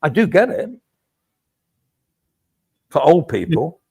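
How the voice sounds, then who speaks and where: A man with a gravelly, creaky voice chats loosely as a podcast co-host. He rambles along and drops casual swear words. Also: a little high, big pitch swings, slow, darkish tone. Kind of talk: casual chat.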